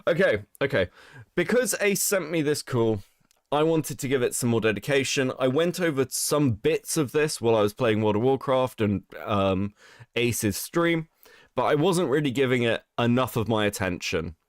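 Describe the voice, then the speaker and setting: Sick guy streamer chatting with chat, lots of swearing and laughs, lively pitch, dry close mic. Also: normal speed, no echo. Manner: swears a lot, laughs often, reads chat aloud. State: sick, rough voice. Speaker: streamer host. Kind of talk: casual livestream chat.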